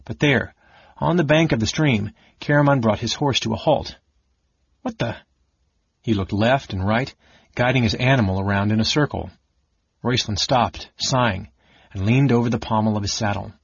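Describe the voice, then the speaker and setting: A man narrating a fantasy novel in a steady, measured reading. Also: mid-range voice, gravelly, breathy edge, no room sound, highs cut off. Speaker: audiobook narrator. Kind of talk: scripted narration.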